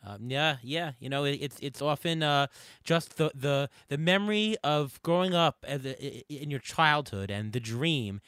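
Admiring male interviewer, halting speech. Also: a little high, expressive, a bit bright, clear, resonant tone, dry recording, clean studio sound. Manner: admiring, halting, with many restarts. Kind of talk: interview reactions.

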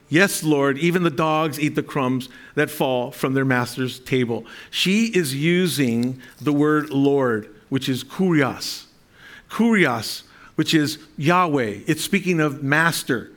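A pastor preaches a sermon to his congregation in a fairly bright voice on the high side. He reads scripture aloud and explains it, often restarting his sentences and asking the congregation for amens.

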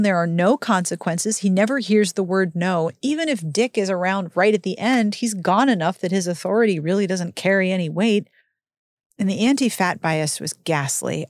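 A woman hosting a book recap podcast, talking in a wry, exasperated, lively way. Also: medium pitch, no echo, studio quality. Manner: exasperated, wry, animated commentary.

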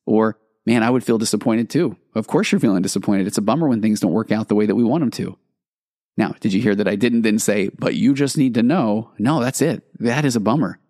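Guy with a lowish voice doing a solo podcast, earnest and a bit self-mocking, super dry sound. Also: a little fast, a little mellow, no echo. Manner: earnest, self-deprecating, acts out parent dialogue. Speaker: podcast host. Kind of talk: reflective solo podcast talk.

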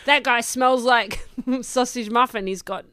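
A woman, co-hosting a radio show in quick-witted, giggly banter. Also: a little high, fairly bright tone, clean tone, no echo, studio quality. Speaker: radio co-host. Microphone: studio microphone.

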